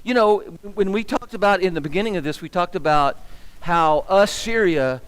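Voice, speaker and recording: A man's voice: high voice, moderate pace, clear, resonant tone. A man teaching a Bible class as minister, quizzing the room and getting fired up as he talks. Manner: animated, asks the room questions, gets fired up. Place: church hall. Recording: long echo of a church hall.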